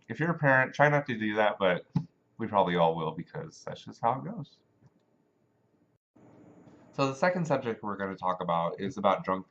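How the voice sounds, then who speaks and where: A man hosting a casual monologue show, talking in an animated, rambling way with many fillers, in a dull lo-fi recording. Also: on the low side. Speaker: show host.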